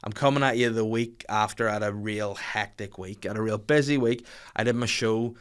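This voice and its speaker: A man's voice: on the low side, normal speed, smooth. A man in his thirties with a Northern Irish accent, hosting a comedy podcast as a sweary, self-mocking storyteller. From Northern Ireland. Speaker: podcast host.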